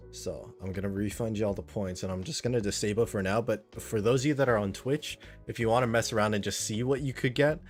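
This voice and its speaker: A man with a lowish voice streams a game live, chatting with his viewers in a friendly, rambling way. He reads the chat aloud as he goes.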